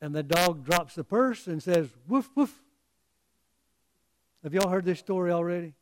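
A man preaching a sermon in an earnest, halting way, often repeating words as he restarts. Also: sits high.

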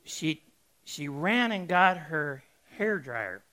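A man preaching, telling a folksy, animated story to make a sermon point. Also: a little high, slow.

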